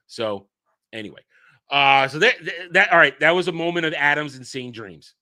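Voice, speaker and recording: A man hosting a casual livestream, rambling and excitable, swearing and swinging between loud outbursts and low muttering. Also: quick pace. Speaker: streamer host.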